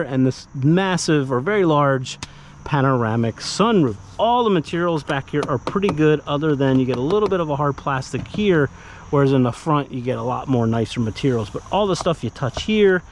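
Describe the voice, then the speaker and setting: A man's voice: a little high, moderate pace, slight background noise. A man hosting a casual car review, talking conversationally as he walks around and sits in the vehicle. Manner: conversational, animated, acts out buyer dialogue.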